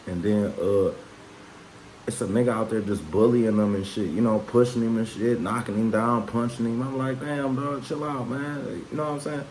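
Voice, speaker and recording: A man's voice: fairly low pitch, brisk, slight background noise, low-quality recording. A man telling a personal story straight to the camera in a rambling, profane, casual way, peppering his talk with "man" and "you know what I'm saying". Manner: gets louder and more worked up when telling of the fight. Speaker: vlogger.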